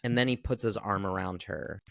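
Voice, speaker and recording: A man's voice: lowish voice, a little fast, fairly bright tone, no room sound. A man co-hosting a podcast, talking casually and thoughtfully about a film, often hesitating and restarting his sentences. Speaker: podcast co-host. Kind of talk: casual chat recapping a film.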